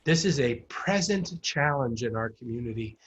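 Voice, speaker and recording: A man serving as city mayor, speaking earnestly and deliberately on a video call, repeating words as he builds his point. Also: medium pitch, lively intonation, a little hiss or hum. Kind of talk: public forum remarks. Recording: muffled video-call audio.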